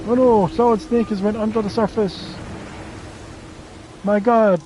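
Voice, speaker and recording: A man's voice: high voice, fairly even intonation, brisk, background noise. A man giving a joking, rambling commentary while playing a video game on a livestream. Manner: joking, rambling, mock-dramatic. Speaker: livestream gamer. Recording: game music playing behind.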